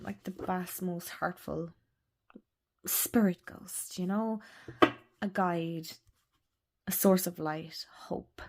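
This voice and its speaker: Gushing Irish woman, lowish voice. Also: a little hiss or hum. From Ireland. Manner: gushing, chatty, rambling with fillers. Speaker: tarot and oracle deck channel host. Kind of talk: casual deck review chat.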